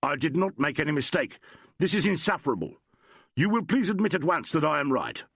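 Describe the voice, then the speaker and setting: A man's voice: lowish voice, big pitch swings, moderate pace, fairly bright tone, husky, dry recording, studio quality, exaggerated voice. A man voicing a proud, formal male doctor who speaks in stiff, precise sentences. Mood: indignant.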